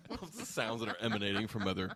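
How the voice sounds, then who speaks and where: A man's voice: fairly low pitch, huge pitch swings, quick pace, a crowd in the background. A man co-hosting a comedy podcast, telling rambling, wry stories in casual chat. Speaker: podcast co-host.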